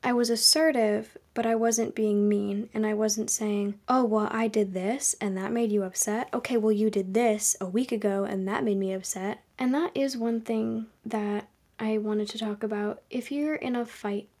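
A young woman hosting a podcast, giving advice in a calm, earnest, conversational monologue. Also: fairly high pitch, a little slow. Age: young adult. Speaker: podcast host.

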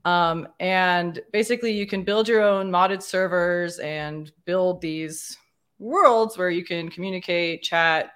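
A woman guest on a casual panel chat, telling stories in a chatty, animated way. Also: lowish voice, takes it slowly, clean tone.

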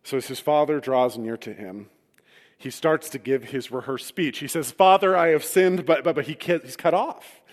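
A male pastor tells a story from the pulpit, mixing vivid retelling with joking asides. His voice sits at an ordinary middle pitch. The sound rings with the long reverb of a large hall. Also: normal speed. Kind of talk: sermon.

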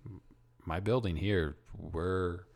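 Deep-voiced male podcast co-host. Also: takes it slowly, creaky, a little mellow. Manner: speculative, trailing off into half-remembered facts. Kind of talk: casual chat.

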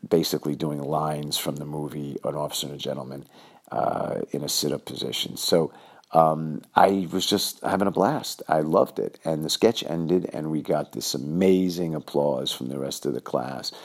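A man's voice: very deep voice, normal speed, vocal fry. A man from New York telling a rambling personal story full of fillers and acted-out quotes. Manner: filler-heavy, animated, acts out quoted voices. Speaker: storyteller recalling his youth.

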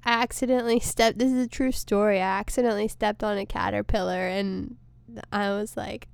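A woman's voice: a little high, normal speed, creaky, clean tone, no echo. A woman hosting her podcast alone, a comedian rambling in a casual, self-deprecating and emotional way from her studio. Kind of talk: casual solo monologue. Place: studio space.

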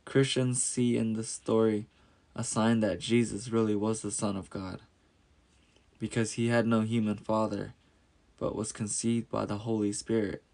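A man narrating a storybook tale in a steady, measured reading. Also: lowish voice, gravelly.

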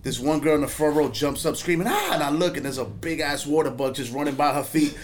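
Animated, profane male storyteller. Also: on the high side, quick pace, slight background noise. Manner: animated, profane, laughs through stories. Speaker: podcast co-host. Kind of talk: casual storytelling chat.

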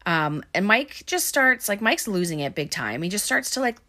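A woman's voice: medium pitch, very animated, normal speed, pushed and bright. A woman giving a casual, chatty movie recap, full of ums and likes.

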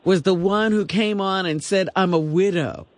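A man's voice: sits high, normal speed. A man co-hosting a radio show, dropping wry, teasing remarks into the chat. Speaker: radio co-host. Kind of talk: casual radio banter.

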